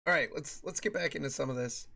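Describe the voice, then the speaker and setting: Rambling dad streamer, slightly high voice. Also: male voice, fast, creaky, pushed and bright. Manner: rambling, repeats phrases, many fillers. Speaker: streamer host. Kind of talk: casual chat with live stream chat.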